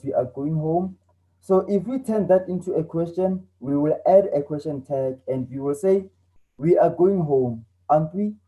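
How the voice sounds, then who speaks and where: Young male teacher, earnest, repetitive explainer, fairly high voice with a very dark tone. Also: low-quality recording. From South Africa. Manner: earnest, repeats himself when explaining. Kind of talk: online English lesson.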